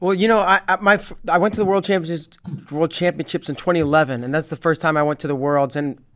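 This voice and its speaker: A male host with a fairly high-pitched voice, talking casually in an interview. He is chatty and loose, sharing his own experience. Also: steady tone, quick pace, a bit bright. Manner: casual, chatty, retells stories with quoted voices.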